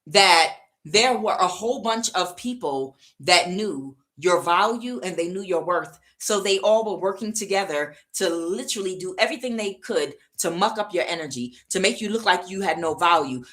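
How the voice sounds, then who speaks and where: A woman's voice: fairly low pitch, a bit bright. A woman giving a casual, chatty tarot reading, emphatic and full of fillers. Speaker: tarot reader.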